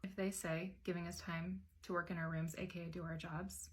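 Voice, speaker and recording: A woman's voice: lowish voice, flat delivery, moderate pace, husky. Wry woman teacher telling classroom stories. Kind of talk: casual storytelling to camera.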